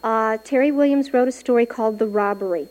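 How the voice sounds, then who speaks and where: A woman's voice: a little high, fairly quick, a little mellow. A woman teacher, a guest on a radio show, plainly explaining her class's writing projects. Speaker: schoolteacher. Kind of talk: casual chat as radio guest.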